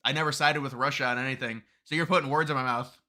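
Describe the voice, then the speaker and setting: Bright-voiced, heated male live streamer. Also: mid-range voice, fairly even intonation, fast talker. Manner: argumentative, gets heated and emphatic; restarts and repeats words often. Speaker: live streamer reading viewer chat. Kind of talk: political live-stream commentary.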